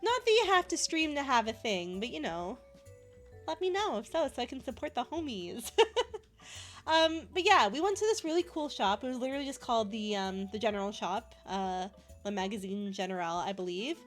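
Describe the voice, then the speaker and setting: Bubbly high-voiced young Canadian woman. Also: animated, fairly quick, a bit bright, faint music behind. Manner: bubbly, giggly, gushing over cute things. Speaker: streamer. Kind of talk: casual chat with stream chat.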